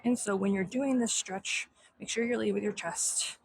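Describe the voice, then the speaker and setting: A young woman teaching a stretching warm-up, slightly out of breath, counting aloud in Japanese. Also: mid-range voice, steady tone, moderate pace, gravelly, husky, rough recording. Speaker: fitness instructor. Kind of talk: instructional demo while exercising.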